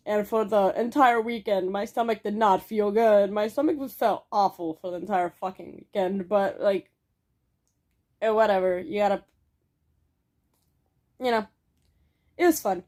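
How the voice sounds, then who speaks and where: A woman's voice: medium pitch, unhurried, long pauses, darkish tone. A young adult woman telling a casual story in a vlog, rambling with many fillers and swearing now and then. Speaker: vlogger.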